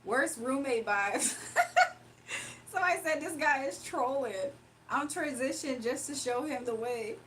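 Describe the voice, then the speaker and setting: A woman's voice: high voice, measured pace, a bit bright, a little hiss or hum. A woman hosting a casual live stream, reading chat comments aloud and laughing often. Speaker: livestream host.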